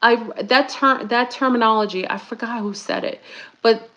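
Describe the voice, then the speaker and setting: A middle-aged woman talks casually to her online audience in a fairly high voice. She is chatty and animated and keeps calling her viewers y'all. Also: moderate pace, lo-fi sound. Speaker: YouTube spiritual talk host. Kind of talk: casual livestream talk to viewers.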